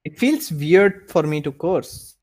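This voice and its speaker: Guy on a podcast, bit high voice, stumbles and restarts a lot while chatting. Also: lively intonation, takes it slowly, a little mellow. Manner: hesitant, stammering restarts. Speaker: podcast co-host. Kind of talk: casual chat.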